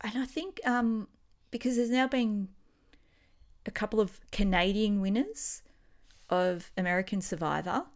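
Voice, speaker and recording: An Australian woman talking casually on a podcast, eager and chatty. Her voice sits at an ordinary middle pitch for a woman. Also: unhurried, long pauses. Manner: enthusiastic, chatty. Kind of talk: casual chat.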